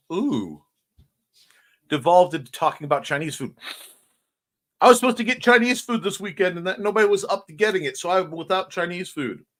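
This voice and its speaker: On a relaxed livestream morning show, a man whose voice sits on the high side and sounds a bit bright reads viewer comments aloud and responds. His manner is chatty and playful as he hops from topic to topic.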